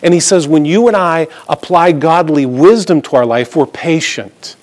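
A middle-aged pastor delivers a sermon in a relaxed, conversational way, moving from scripture reading to everyday stories with light humor. His voice sits slightly high for a man. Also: normal speed.

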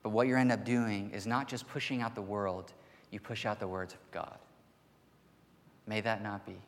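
A man preaching a sermon to his church in an earnest voice that rises to forceful emphasis. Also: lowish voice, level tone, moderate pace. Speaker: pastor. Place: church sanctuary. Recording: long hall reverb.

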